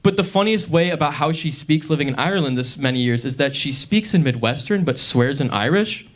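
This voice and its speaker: A young man in his twenties doing a stand-up comedy set on a club stage, telling stories with pauses before the punchlines. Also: a little high, expressive.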